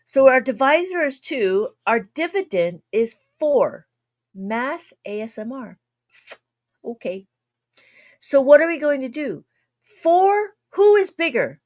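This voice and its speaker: A woman teaching long division on an abacus in a chatty livestream lesson, laughing often and trying to slow her usually fast talk. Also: sits high, very animated, a little mellow.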